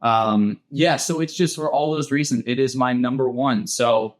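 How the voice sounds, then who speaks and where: An eager man on a podcast, talking at an everyday middle pitch. He rambles through a long retelling in loose, casual chat, restarting his sentences as he goes. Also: moderate pace. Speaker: podcast co-host.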